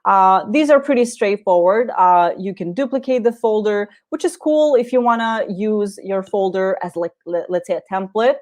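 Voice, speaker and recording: A woman hosting a live software tutorial webinar, talking viewers through each click in a friendly way with many fillers. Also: mid-range voice, normal speed, hardly any pauses. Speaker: webinar presenter.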